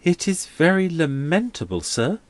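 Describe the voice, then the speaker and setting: A man's voice: fairly high pitch, sing-song, moderate pace, pitched above the performer's own voice. A man voicing an earnest, submissive young male clergyman in a storybook reading. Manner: pleading, submissive.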